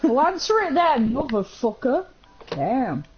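A woman's voice: high voice, very animated, a little slow, breathy edge. A young Englishwoman from England chatting during a game, teasing and cheeky with plenty of swearing. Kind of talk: casual gaming chat. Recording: slightly dull lo-fi stream audio.

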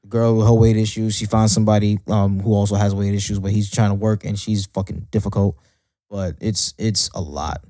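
Late 20s dude on a podcast, stumbles and repeats himself, dry close mic. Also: male voice, lowish voice, fairly even intonation, mellow, no room sound. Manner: halting, repeats words, swears. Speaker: podcast co-host. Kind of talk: casual chat.

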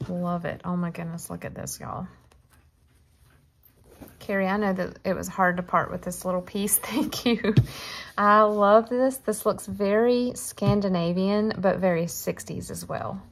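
A woman chatting casually to her viewers as she shows off fabric she received, gushing and talking straight to the camera. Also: fairly low pitch. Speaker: crafting vlogger. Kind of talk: casual show-and-tell chat.

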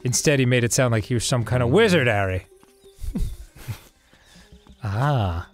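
A man's voice: mid-range voice, lively intonation, unhurried, faint music behind. A man chatting and joking while playing a video game, reading game text aloud. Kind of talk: casual gaming commentary.

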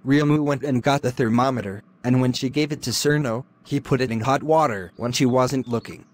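A text-to-speech man's voice reading scripted cartoon narration in a flat delivery. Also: mid-range voice, fairly quick.

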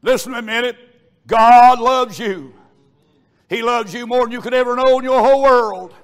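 A man preaching a revival sermon, fervent and building to shouts. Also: very high voice, quick pace, clear, resonant tone.

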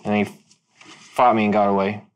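A man's voice: on the low side, level tone, moderate pace, clean tone. A man playing a tabletop role-playing game, playful and self-mocking about his character. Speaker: player. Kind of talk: casual tabletop role-play.

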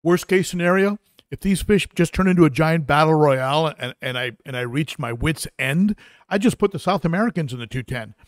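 A man's voice: a little high, expressive, fairly quick, no room sound, studio quality. A man hosting a live stream, chatting casually and reading out viewer comments, with lots of fillers and restarts. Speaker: aquarium channel host.

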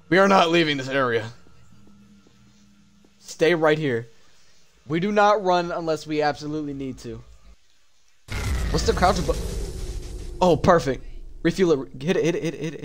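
A young male streamer reacts out loud to a creepy game, his fairly high voice swinging widely as he drifts between low mumbles and startled shouts. He talks slowly and casually, in slang, and faint game music plays under him. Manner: animated, slangy, jumps from mumbles to yelps. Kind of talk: live horror game commentary.

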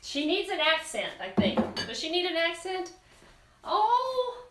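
A woman's voice: very high-pitched, sing-song, normal speed, bright, forceful tone, reverberant. A woman hosting a live cooking demonstration, chatty and bubbly as she talks straight to her viewers in a kitchen. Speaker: cooking show host.

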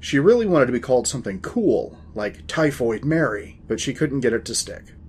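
A man in his forties narrates a scripted story as a podcast host, with a dry, wry touch. His pitch sits right in the middle, and a faint hiss runs under his voice. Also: big pitch swings, normal speed, a little mellow.

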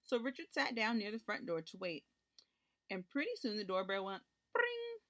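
A woman reading a children's picture book aloud, narrating gently and lifting her voice for the characters' lines. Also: medium pitch, expressive, normal speed. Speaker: storybook reader.

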